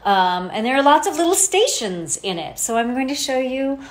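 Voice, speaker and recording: A woman's voice: sits high, big pitch swings, moderate pace. A woman chatting playfully and jokingly to followers in a casual phone vlog at home. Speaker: actor taking over a social media account. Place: at home, garden and office. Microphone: phone at arm's length.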